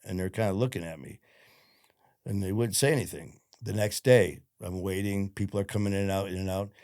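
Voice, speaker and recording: A man's voice: low voice, steady tone, a little fast, darkish tone, no echo, clean studio sound. Blunt, profane man telling his story. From Detroit, USA. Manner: blunt, profane, retells events with quoted dialogue. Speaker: podcast guest. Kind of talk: casual interview storytelling.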